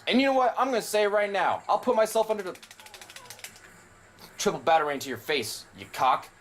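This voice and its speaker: A man's voice: sits high, lively intonation, brisk, slight background noise. A young man casually commentating a video game, rambling and opinionated, with frequent swearing. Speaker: gameplay commentator. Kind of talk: casual let's play commentary.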